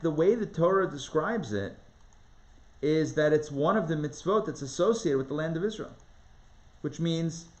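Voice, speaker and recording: A man teaching a live Torah class, reading scripture aloud and acting out the voices in an animated, conversational way. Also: mid-range voice. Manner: animated, dramatizes the text with rising voice and quick asides. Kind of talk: lively live online Torah lesson.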